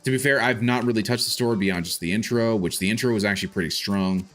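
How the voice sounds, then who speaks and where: A man's voice: fairly low pitch, quick pace, a bit bright. A man streaming a video game, chatting casually and thinking aloud with frequent restarts and filler. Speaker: gaming streamer. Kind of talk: casual live gameplay commentary.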